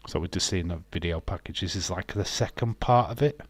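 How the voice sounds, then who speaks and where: A man's voice: low-pitched, fairly quick, no room sound. A man hosting a live wrestling watch-along, chatting casually in a sarcastic, joking way and swearing freely.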